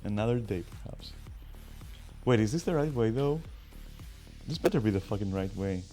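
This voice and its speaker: A man's voice: fairly low pitch, animated, normal speed, warm tone. Swearing joking man narrating his game. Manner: crude, joking, swears a lot, talks to viewers. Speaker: streamer. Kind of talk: casual gaming commentary. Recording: faint game music behind. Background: game music.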